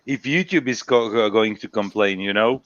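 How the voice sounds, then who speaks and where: A man's voice: on the low side, normal speed, a bit bright, no echo, dull audio. A man chatting on a stream, hesitant and searching for words, with many restarts. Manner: hesitant, lots of restarts and fillers. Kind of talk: casual chat.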